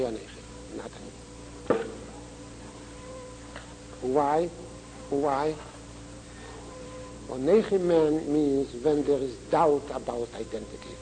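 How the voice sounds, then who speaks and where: High gravelly old-school teacher guy, rushes the hebrew then explains slow, faint hum behind. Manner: chants Hebrew quickly, then explains slowly with repetitions. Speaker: Torah teacher. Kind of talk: Talmudic lecture with text reading.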